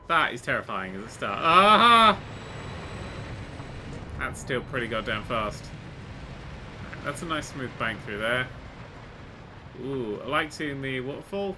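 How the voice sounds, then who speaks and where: A man giving casual let's-play commentary, excitable and sweary, swinging from quiet mutters to loud exclamations. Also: medium pitch, normal speed, long pauses, background noise. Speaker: gaming YouTuber.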